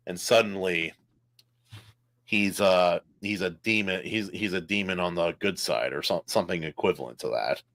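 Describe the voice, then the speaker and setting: A man co-hosting a casual podcast about a comic, excitable, often jumping up in pitch and restarting his sentences. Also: normal speed, no room sound. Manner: excitable, jumps in with rising pitch, stumbles and restarts. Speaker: podcast co-host.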